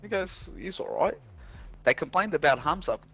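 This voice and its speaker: A man's voice: a little high, lively intonation, normal speed, bright, forceful tone, breathy edge, highs cut off. Casual swearing man telling stories. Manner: rambling, swears a lot, acts out quoted dialogue. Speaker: streamer and house painter. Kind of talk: casual storytelling chat.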